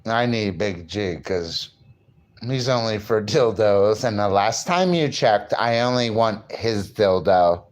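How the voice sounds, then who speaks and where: A man's voice: fairly low pitch, animated, slow pace. A man vlogging in a casual, rambling monologue, boastful and crude, often breaking into laughter.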